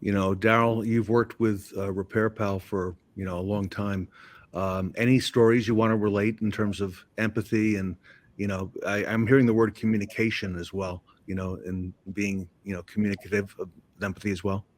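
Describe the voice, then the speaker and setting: A man moderates a panel discussion and hands questions to the guests, padding them with fillers. His voice is low and the sound is dry and close. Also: flat delivery, normal speed, no echo.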